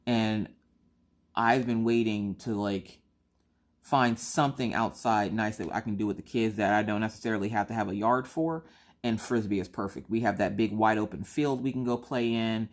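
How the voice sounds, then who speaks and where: A woman in her thirties chatting casually while crafting, telling stories and squealing high when she acts out her own quotes. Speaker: crafting vlogger.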